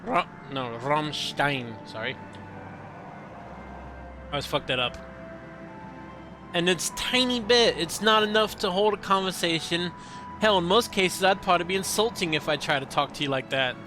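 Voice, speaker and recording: A man's voice: sits high, animated, normal speed, pauses often, bright, forceful tone. A man streaming a game and chatting with his viewers in a joking, self-deprecating way. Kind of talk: casual live-stream chat while playing. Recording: game music playing clearly behind.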